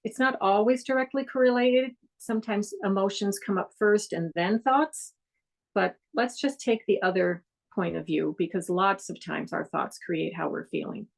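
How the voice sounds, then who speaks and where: A middle-aged woman giving a gentle, reflective mindfulness talk, now and then acting out the doubts in her listeners' heads. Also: mid-range voice, normal speed, creaky. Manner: gentle, reflective, with soft acted asides. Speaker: mindfulness teacher.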